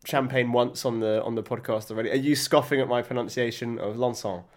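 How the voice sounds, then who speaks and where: This is a man co-hosting a casual podcast. He hesitates often and makes light of himself. His voice sits at a middling pitch. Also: steady tone, brisk. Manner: hesitant, self-deprecating. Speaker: podcast co-host. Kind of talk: casual banter.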